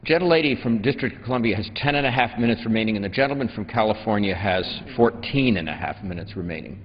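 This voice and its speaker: A man presiding over a chamber, making brisk formal procedural announcements. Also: fairly low pitch, lively intonation, breathy edge. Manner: brisk, formulaic. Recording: dull broadcast sound with long hall reverb.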